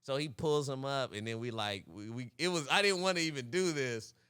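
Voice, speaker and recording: A young man co-hosting a podcast, telling a story in casual chat, animated and laughing often, acting out voices. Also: mid-range voice, a little fast, clear, resonant tone, no room sound, studio quality. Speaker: podcast co-host.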